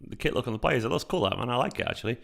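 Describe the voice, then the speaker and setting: Raspy gravelly man talking in a hush. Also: medium pitch, expressive, racing. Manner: hushed, half-whispered talk. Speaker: fan channel host streaming a match watchalong. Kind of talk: casual live chat with viewers. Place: at home late at night. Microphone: streaming microphone.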